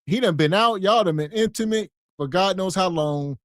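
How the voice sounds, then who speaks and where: A man's voice: high-pitched, normal speed, fairly bright tone, no room sound, clean studio sound. A man co-hosting a podcast, cracking jokes about the clip and acting out both sides of a phone call. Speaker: podcast co-host. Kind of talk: reaction podcast banter.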